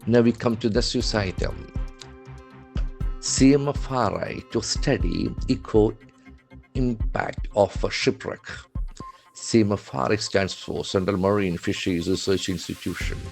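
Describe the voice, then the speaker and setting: Deliberate low-voiced teacher. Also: male voice, gravelly, darkish tone, faint music behind. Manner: slow, deliberate, spells words letter by letter. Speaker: English language trainer. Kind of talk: newspaper vocabulary lesson.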